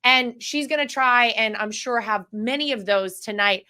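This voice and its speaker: A woman's voice: on the high side, moderate pace, bright, forceful tone, clean tone. A woman from North Carolina speaking as a guest in a political interview, confident and emphatic.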